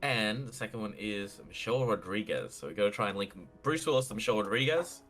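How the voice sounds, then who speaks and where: A man speaks as co-host in a low but bright, forceful voice. He explains in a halting way, full of ums, and faint music sits under him. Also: animated. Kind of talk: casual live-stream chat.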